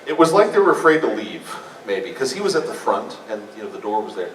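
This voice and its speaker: A man on a convention panel telling a rambling, animated story to a live audience. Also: on the low side, brisk, slight background noise. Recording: echoey room mic from far off.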